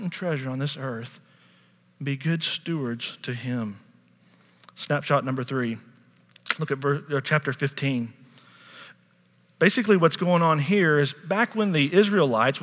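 In a church sanctuary with a long, lingering reverb, a middle-aged male pastor preaches casually and chattily. He stops now and then to question the congregation, speaking in a voice that sits a touch high.

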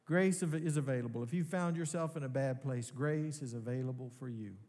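A male pastor delivers an earnest sermon. His voice is mid-pitched and carries a long hall reverb. He swells to strong emphasis, then drops low and slows down. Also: mellow. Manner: earnest preaching with rising emphasis and slow pauses. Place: large church hall.

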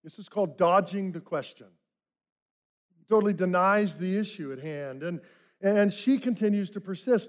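A man preaching a sermon, telling the story vividly and dropping to soft, low tones for reflective points. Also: unhurried, long pauses. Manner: dramatic storytelling, acting out quoted voices. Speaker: pastor.

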